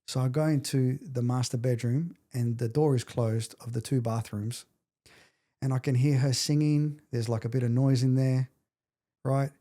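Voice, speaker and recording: A middle-aged man, a podcast guest telling an emotional story with intensity and acting out the quotes. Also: mid-range voice. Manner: intense, animated retelling, acts out quotes.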